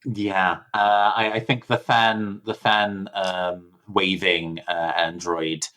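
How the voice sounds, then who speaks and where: Low, slow-speaking man as game master. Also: little pitch movement, bright, forceful tone, low-quality recording. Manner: measured, with frequent ums. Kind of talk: narrating a tabletop game.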